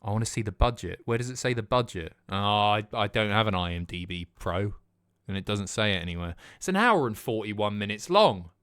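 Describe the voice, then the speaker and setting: A man in his thirties chats casually while hosting a livestream. His voice is lively and bouncy in pitch, and his talk is blunt, sweary and sardonic. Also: brisk, clean tone. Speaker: livestream host. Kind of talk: casual stream chat.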